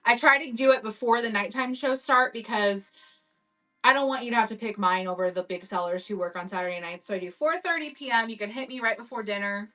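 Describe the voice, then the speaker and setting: A woman's voice: a little high, fairly quick, pushed and bright, far from the mic, faint music behind. A woman hosting a casual live-stream auction, chatting upbeat as she describes vintage items for buyers. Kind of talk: casual live-selling chat.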